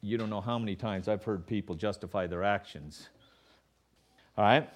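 A man preaching a sermon as pastor, animated and sarcastic, acting out the excuses of others. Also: fairly low pitch, normal speed. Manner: animated, acts out quoted voices with sarcasm.

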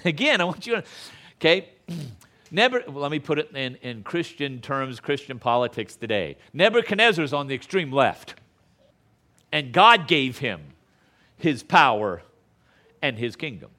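A man's voice: fairly high pitch, big pitch swings, a little slow, pauses often, sharp tone. A man preaching a sermon, teaching in a conversational way and asking the congregation questions. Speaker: pastor.

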